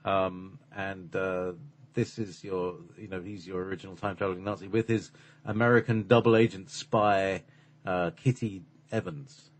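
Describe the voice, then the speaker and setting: Man, casual chat, low pitch, husky tone, rambling, many fillers. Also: flat delivery, normal speed. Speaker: channeler and voice performer. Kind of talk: casual conversation.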